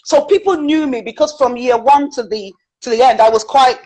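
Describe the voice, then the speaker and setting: A woman with a British accent telling personal stories as a guest in an interview, animated and chatty, with frequent fillers. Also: high voice, moderate pace, low-quality recording.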